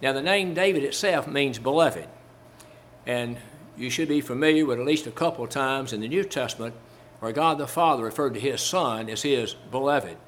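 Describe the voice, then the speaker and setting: A man's voice: mid-range voice, moderate pace, a bit bright, slight background noise. A man preaching a sermon as a Baptist preacher, repeating phrases for emphasis, quoting old-style scripture and asking his listeners rhetorical questions. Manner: quotes King James scripture.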